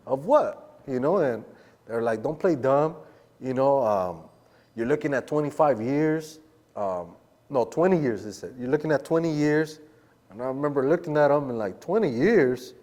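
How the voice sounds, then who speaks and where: A man's voice: mid-range voice, animated, normal speed, darkish tone. Laid-back man telling a story, echoey room. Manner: laid-back street slang, acts out the quoted voices. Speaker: podcast guest. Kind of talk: casual storytelling in an interview.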